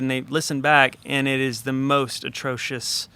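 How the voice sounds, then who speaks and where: A man in a studio conversation, a record producer telling an animated, chatty story with lots of fillers. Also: mid-range voice, a little fast, hardly any pauses, clean tone, no room sound.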